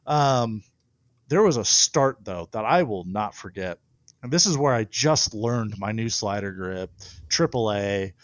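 A man's voice: on the low side, unhurried, no echo, dull audio. Laughing man telling stories. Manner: animated storyteller, laughs often. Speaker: guest pitcher. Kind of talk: casual podcast chat.

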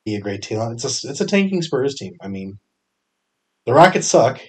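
A man hosting a fantasy sports podcast, talking through his picks in a casual, energetic way, full of fillers and self-corrections. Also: mid-range voice, moderate pace, breathy edge.

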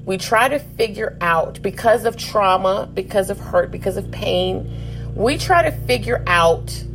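A woman's voice: medium pitch, animated, measured pace, a bit bright, a little hiss or hum, poor audio. A woman in her thirties hosting a faith podcast, talking earnestly and emphatically in a preachy way, with many restarts. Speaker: podcast host. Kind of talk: faith-based podcast monologue.

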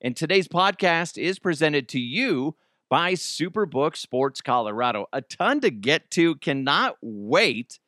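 A man's voice: fairly high pitch, very animated, measured pace, pushed and bright, no echo, studio quality. A man hosting a casual podcast from home, rambling, joking and riffing. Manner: rambling, jokey, riffing into silly voices. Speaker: podcast host. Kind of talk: casual solo podcast chat. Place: home basement.

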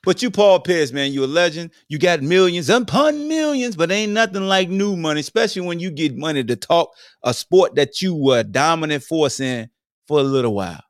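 A man hosting a podcast, delivering a joking commentary monologue in slang, swinging between high exclamations and low mutters. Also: lively intonation, a little fast, no room sound, studio quality. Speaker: podcast host. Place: home streaming setup.

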